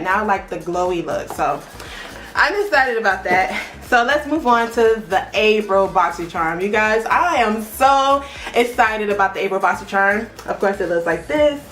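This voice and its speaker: A young woman chatting casually as a beauty vlogger, excitable and talking straight to her viewers. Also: medium pitch. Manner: chatty and excitable, often addresses the viewers directly. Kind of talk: casual unboxing chat. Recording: echoey room with faint background music.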